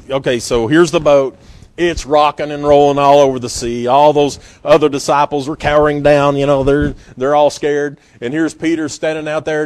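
Animated storytelling male preacher, dry sound. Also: medium pitch, dry recording. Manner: animated storytelling preacher who acts out scenes and laughs often. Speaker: pastor. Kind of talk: sermon.

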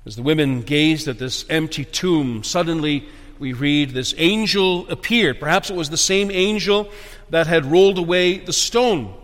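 A man with a high-pitched voice preaches an emphatic sermon as pastor, hammering phrases again and again and then sinking into hushed tones. His voice rings with a long reverb, as if in a church sanctuary. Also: moderate pace.

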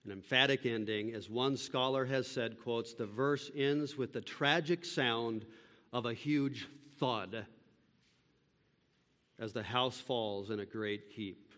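A man preaching a sermon, building from steady teaching to loud, impassioned pleading. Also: medium pitch, takes it slowly, big-room sound. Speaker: pastor.

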